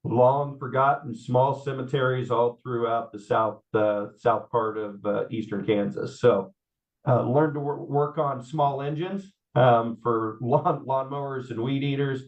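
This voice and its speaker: A man, telling his life story in an interview, halting with many fillers and repeats. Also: medium pitch. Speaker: guest. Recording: slightly dull audio.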